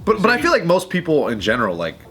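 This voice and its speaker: A man co-hosting a casual podcast, throwing in quick quips and laughing loudly. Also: a little high, huge pitch swings, faint music behind. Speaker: podcast co-host. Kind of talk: casual banter.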